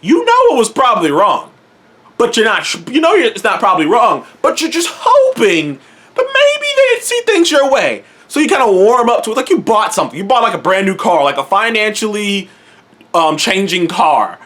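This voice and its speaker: A man's voice: high-pitched, wildly swooping pitch, normal speed, a bit bright. A young man casually reviewing a TV episode, rambling and swearing freely. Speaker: TV show reviewer.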